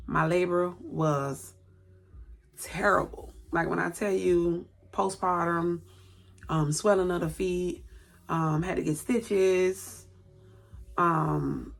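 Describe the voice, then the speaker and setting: This vlogger, a woman in her late thirties, speaks in a somewhat low, creaky voice while telling a personal story on camera indoors at home by a light. She leans on repeated words for emphasis and acts out what people said.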